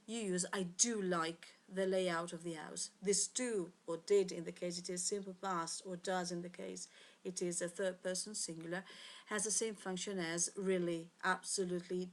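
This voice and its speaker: A woman, an English teacher giving a recorded grammar lesson, pausing often and correcting herself as she explains. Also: fairly low pitch. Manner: hesitant, frequent fillers and self-corrections.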